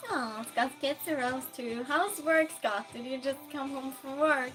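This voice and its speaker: A woman streamer chatting casually with her viewers, reading out their comments, laughing often and calling out loud greetings. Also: high voice, measured pace, soft background music.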